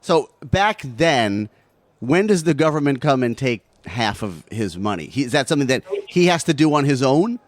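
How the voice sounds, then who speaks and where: Lively, chatty male podcast host. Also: medium pitch, moderate pace, dry recording. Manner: chatty, laughs easily, asks questions. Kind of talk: casual chat.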